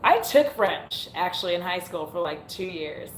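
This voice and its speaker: A woman's voice: on the low side, sing-song, normal speed, a little hiss or hum. A young woman is talking casually on her livestream at home. She giggles often, pokes fun at herself and swears freely. Her voice carries a roomy echo. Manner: giggly, self-mocking, swears freely, goofs on words. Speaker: beauty YouTuber hosting a livestream.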